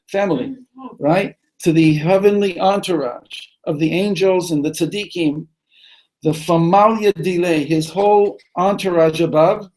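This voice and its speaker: Poorly recorded in a study hall, a man with a high, slightly mellow voice teaches a text class as a rabbi. He reads each line aloud, translates it phrase by phrase, and frequently restarts and repeats words.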